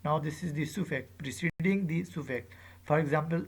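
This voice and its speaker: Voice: mid-range voice, breathy edge. An English teacher giving a pronunciation lecture, saying each example word twice and spelling out word endings letter by letter. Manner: says each example word aloud two or three times; deliberate, with spelled-out letters and frequent "uh".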